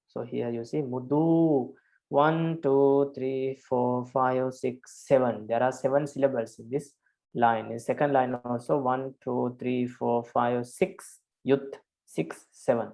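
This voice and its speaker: A man's voice: medium pitch, fairly even intonation, unhurried, gravelly, a little mellow. A man, a Buddhist monk, patiently teaching a class on verse meters and counting syllables aloud, with frequent hesitations. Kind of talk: online class lecture.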